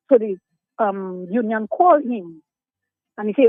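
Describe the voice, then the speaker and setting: Over a tinny, dry phone line, an older woman phones a radio program to air her complaints with emotion and emphasis. She speaks at a moderate pace in a fairly high pitch, pausing often.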